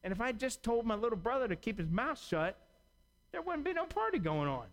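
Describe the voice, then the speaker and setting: A man's voice: extremely high pitch, very animated, a little fast, in a large hall, pitched above the performer's own voice, exaggerated voice. A man voicing a resentful, dutiful older brother, a young man complaining indignantly to his father.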